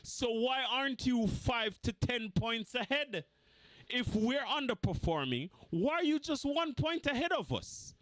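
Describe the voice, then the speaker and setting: A man rants about football in a high, wildly swinging voice. He mocks his rivals and hammers the same points again and again. The sound is close and dry, with no room around it. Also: measured pace, no room sound. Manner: animated, mocking, repeats points for emphasis. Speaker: football fan vlogger. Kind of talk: heated football fan rant.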